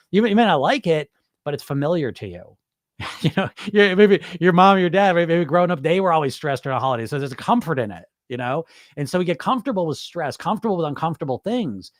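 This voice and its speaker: Middle-aged male hypnotherapist host, informal, swears, fairly high voice, close dry sound. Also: dry recording. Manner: informal and chatty, with frequent swearing and laughs. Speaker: hypnotherapist hosting a live session. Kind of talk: casual live-stream talk answering viewer comments.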